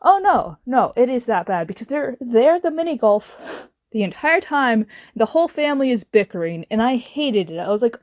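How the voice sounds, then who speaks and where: A woman's voice: a little high, big pitch swings, normal speed, darkish tone, no room sound, clean studio sound. A woman delivering a casual, exasperated rant as a video reviewer, sarcastic and swearing now and then. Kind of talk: casual ranting commentary.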